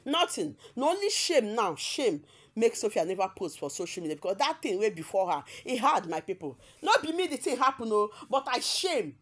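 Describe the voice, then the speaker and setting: Nigerian woman, gossip vlogger; emphatic, repeats herself, quick to laugh. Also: a little high, sing-song. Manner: emphatic and repetitive, often laughing. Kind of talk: casual gossip commentary.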